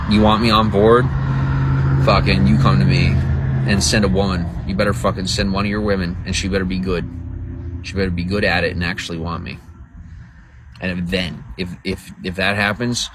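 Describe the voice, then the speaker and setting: A man's voice: low voice, background noise. A man livestreaming to viewers in casual talk, crude, boastful and rambling. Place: outdoors by a road.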